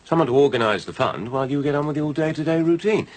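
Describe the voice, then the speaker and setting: A man playing a smooth-talking, scheming businessman who persuades people gently in a TV soap drama. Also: fairly high pitch, animated, fast talker, lightly acted.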